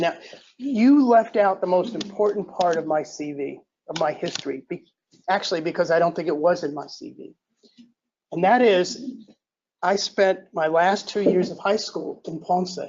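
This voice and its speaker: An older man giving an invited academic lecture in a relaxed, self-deprecating way, often clearing his throat and restarting sentences. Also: sits high, normal speed. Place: lecture hall. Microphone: handheld or podium mic. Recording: dull lo-fi lecture recording.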